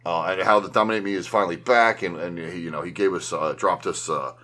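A man's voice: deep voice, fairly even intonation, fast, pushed and bright. A man hosting a casual podcast, rambling and laughing with lots of restarts. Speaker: podcast host. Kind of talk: casual chat.

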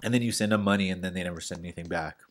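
Rambling, low-voiced man telling stories. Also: racing. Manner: rambling storyteller, lots of "like" and restarts, swears. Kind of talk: casual chat.

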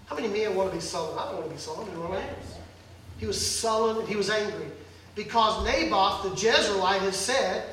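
A pastor preaching a sermon in a church hall, telling the story in a lively, joking way. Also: male voice, high-pitched, a little fast, slight background noise. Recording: echoey hall, distant mic.

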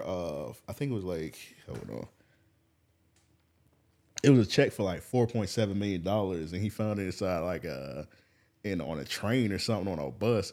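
A man co-hosting a podcast in casual chat, telling stories with big jumps in pitch when he quotes people. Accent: American English. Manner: animated storytelling with loud jumps in pitch when quoting people. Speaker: podcast co-host.

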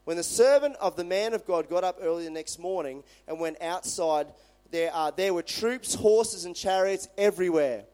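Brief: male pastor, fairly high voice, conversational animated sermon delivery. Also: moderate pace, clear, resonant tone. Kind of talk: sermon with scripture reading.

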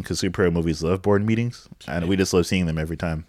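Low voiced guy joking through a movie recap, dead dry recording. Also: fairly even intonation, quick pace, few pauses, dry recording. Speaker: podcast co-host. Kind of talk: casual movie recap chat.

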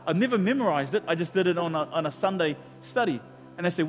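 A man's voice: high-pitched, fast, in a large hall, faint music behind. A male pastor preaching a sermon and telling a personal story, acting out the dialogue. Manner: animated storytelling, acts out dialogue.

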